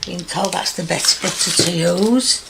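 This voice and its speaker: Woman, slow chatty cooking instructions, noisy home kitchen recording. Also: on the low side, creaky. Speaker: home cook.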